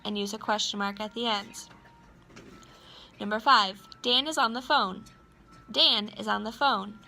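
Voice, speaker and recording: A woman teacher giving a recorded class lesson, dictating sentences slowly and clearly and repeating each one. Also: mid-range voice, bright, forceful tone.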